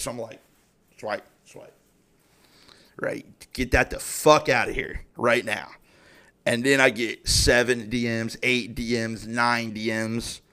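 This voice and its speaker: A young man talks through his solo podcast in a loose, unscripted way. He swears constantly and gets worked up as he tells a story. His voice sits at an ordinary middle pitch for a man. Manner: heavy profanity, animated and exasperated storytelling. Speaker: podcast host. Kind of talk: casual solo podcast rant.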